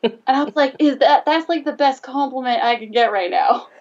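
A woman's voice: high-pitched, normal speed, far from the mic, muffled recording. A woman telling a personal story in casual conversation, animatedly acting out both sides of the dialogue. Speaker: guest telling her story.

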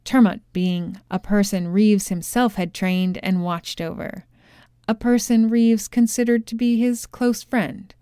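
A woman voicing a sharp courtroom questioner who probes and presses a witness, in a storybook reading. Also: medium pitch, measured pace, smooth, dry recording, clean studio sound, natural voice. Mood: pressing. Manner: probing, insistent questioning.

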